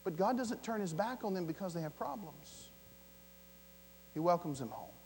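High-voiced preacher in a reverberant hall. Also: male voice, animated, normal speed. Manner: dramatic, swings between loud emphasis and soft hushed lines; acts out the voices of the story's characters. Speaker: pastor. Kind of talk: sermon. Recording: long hall reverb with mains hum.

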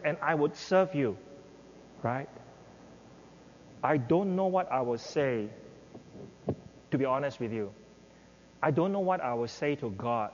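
An older man preaching a sermon as pastor, acting out pleading prayers in an impassioned voice. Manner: impassioned, acts out prayers with rising pitch. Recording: dull reverberant hall with faint noise.

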